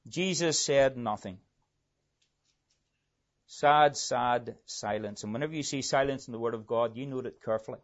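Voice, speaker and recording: A man preaching a sermon in an earnest way, building to emphatic peaks and then dropping to a soft, low close. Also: muffled recording.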